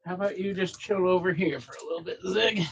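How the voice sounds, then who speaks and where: A man's voice: high-pitched, quick pace, vocal fry, dull audio, a little hiss or hum. Laid-back rambling man vlogging at home. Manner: rambling, relaxed, swears casually. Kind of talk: casual chat to viewers while doing chores. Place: apartment at home.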